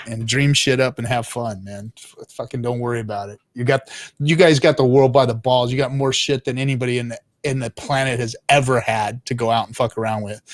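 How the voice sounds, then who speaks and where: A middle-aged man co-hosting a crypto podcast, talking in a loud, profane, animated way and telling stories. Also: mid-range voice, dry recording. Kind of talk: casual profane chat.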